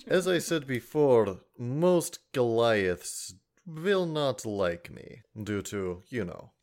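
A man playing a tabletop game, speaking in character in a measured, patient way. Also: medium pitch, sing-song, a little mellow. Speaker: player.

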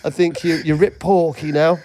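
A young man co-hosts a podcast, teasing and joking through casual banter with deadpan wind-ups. His voice sits on the high side and moves at a normal speed.

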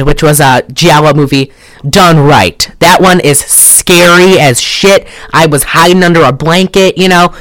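A podcast co-host in a rambling, excitable, casual movie review chat, often laughing and swearing. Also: mid-range voice, no room sound.

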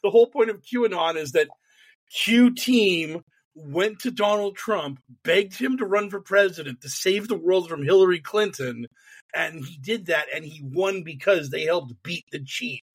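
Guy cohosting a snarky podcast, kinda high voice, swears a lot, goes off on rants. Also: unhurried, breathy edge. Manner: animated, sarcastic, swears freely. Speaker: podcast co-host. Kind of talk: casual comedic chat.

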